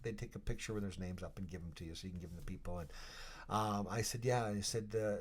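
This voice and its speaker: A man in his fifties, a retired hockey player guest, telling stories in a rambling, animated way and laughing as he acts out scenes. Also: lowish voice, quick pace. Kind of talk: casual storytelling interview.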